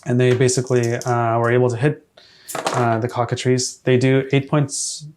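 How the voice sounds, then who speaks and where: A man as dungeon master running a tabletop game, relaxed and hesitant, with many fillers and frequent laughs. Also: mid-range voice, normal speed, background noise.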